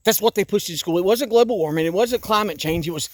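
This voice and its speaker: A man's voice: high voice, quick pace, hardly any pauses, no echo. Fiftyish man, exasperated outdoor vlog rant into a phone. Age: 50s. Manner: agitated, exasperated, repeats himself. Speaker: vlogger. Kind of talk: walking-tour vlog rant. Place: outdoors in a wooded yard.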